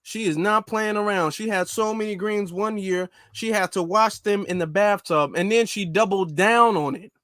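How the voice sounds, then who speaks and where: A man's voice: high voice, normal speed, few pauses, fairly bright tone, dry recording. A man giving opinionated commentary on a close mic, talking in an incredulous, repetitive, ranting way. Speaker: commentary vlogger.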